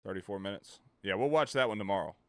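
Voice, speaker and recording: A man's voice: on the low side, quick pace, smooth, no echo, clean studio sound. A man streaming live, rambling and ranting profanely while reacting to chat. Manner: rambling, profane, reads chat and riffs loudly.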